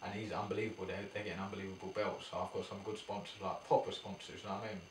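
Young boxer, low-key slangy chat, echoey room, distant mic. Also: male voice, level tone, very fast, a little hiss or hum. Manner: laid-back slangy banter. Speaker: professional boxer guest. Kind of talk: casual chat.

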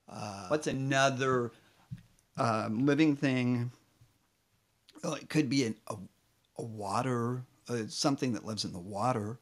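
A man's voice: mid-range voice, unhurried, pauses often. A man teaching a children's music lesson, playful and rambling, singing short phrases and often correcting himself. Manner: drums on a table.

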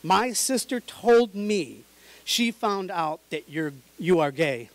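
A woman's voice: lowish voice, lively intonation, takes it slowly, no room sound, pitched above the performer's own voice, low-quality recording. A man voicing his older mother, loving but in denial, insistent and pleading. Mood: guarded.

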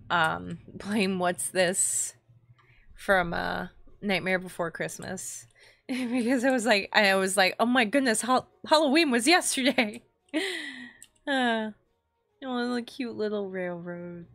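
A woman's voice: mid-range voice, dry recording. A young woman streamer talks to her chat in a loose, rambling way, full of "like" and "um." Her voice sits in a middle range and sounds close and dry, with no room around it. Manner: chatty, rambling, warm toward chat, many fillers. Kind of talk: casual stream chat with viewers.

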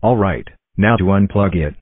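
A man's voice: low voice, moderate pace, phone-quality sound. A male computer voice playing a whiny, petulant cartoon boy who throws tantrums. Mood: scheming.

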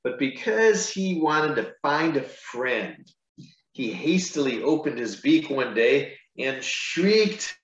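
Pastor guy reading a kids picture book, slow and chatty, echoey room. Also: mid-range voice, big pitch swings. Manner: gentle, chatty asides between pages. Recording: echoey room, dull lo-fi sound.

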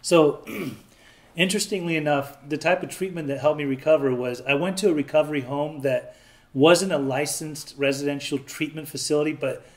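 A man in his thirties from Southern California speaks at normal speed in a fairly high voice. He candidly and plainly recounts his own story in an interview, acting out the voices of people he quotes.

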